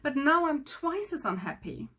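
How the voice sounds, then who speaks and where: A woman's voice: medium pitch, very animated, takes it slowly, a bit bright, breathy edge, full character voice. A woman voicing a weepy, grumpy male king who sobs and wails his complaints. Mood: wailing. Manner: sobbing, wailing complaints.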